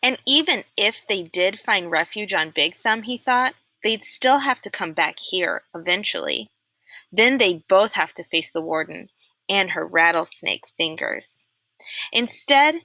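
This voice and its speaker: Bright young woman reading a chapter book aloud. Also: mid-range voice, no room sound. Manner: expressive, animated reading that puts on voices. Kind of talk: read-aloud of a children's novel.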